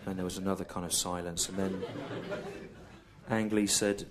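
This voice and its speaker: A man doing a stand-up comedy routine on stage. He is deadpan and digressive and repeats his own lines on purpose. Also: low voice, crowd noise. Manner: deadpan, digressive, deliberately repetitive. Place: comedy stage before a live audience. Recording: live recording with clear background noise.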